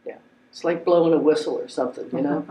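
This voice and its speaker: A man's voice: fairly high pitch, fast, mellow, reverberant, poor audio. A middle-aged man playing a client in a practice counseling interview, hesitant and rambling with many fillers. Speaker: client in a training role-play. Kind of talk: clinical interview role-play.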